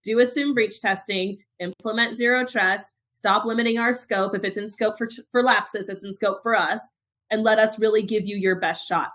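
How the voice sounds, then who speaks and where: A young woman co-hosting a podcast, talking in an animated, emphatic way as she rants about security advice. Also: mid-range voice, normal speed. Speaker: podcast co-host. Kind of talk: casual podcast chat.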